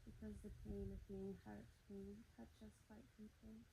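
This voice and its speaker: A woman from the American South leading a slow, soft-spoken guided yin yoga class, talking calmly between breaths. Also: medium pitch, vocal fry, noisy background. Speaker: yoga teacher.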